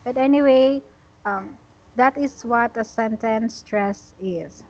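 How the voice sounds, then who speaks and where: A woman teaching an English lesson, talking slowly and patiently with many fillers. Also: on the high side, a little mellow, muffled recording, a little hiss or hum.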